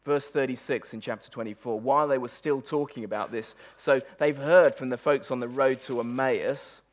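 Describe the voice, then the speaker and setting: A man preaching a conversational sermon, emphatic and animated, often stumbling and repeating words as he goes. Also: mid-range voice, moderate pace. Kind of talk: conversational sermon on a Bible passage.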